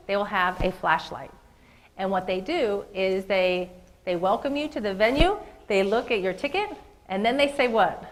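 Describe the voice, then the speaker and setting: A woman's voice: medium pitch, low-quality recording. A woman giving a motivational keynote speech, speaking earnestly and directly to her listeners. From lives in Las Vegas.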